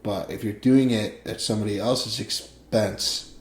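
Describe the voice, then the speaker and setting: A man's voice: on the low side, fairly even intonation, a little slow, slight background noise. A young man co-hosting a podcast, ranting and joking in a loose, profane, rambling way. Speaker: podcast co-host. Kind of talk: casual podcast chat.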